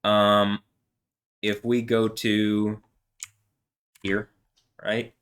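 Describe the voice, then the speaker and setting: Man, fairly low voice, solo vlog monologue, meandering, heated, filler-heavy. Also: monotone, very slow, a bit bright, clear, resonant tone. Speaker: vlogger.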